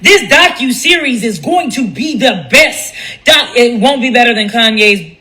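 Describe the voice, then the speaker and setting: Woman, blunt and profane live-stream ranter, bright tone. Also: a little high, unhurried, low-quality recording. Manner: blunt, profane, animated, mimics others in quotes. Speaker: commentator speaking on a live stream. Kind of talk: candid monologue on a live stream.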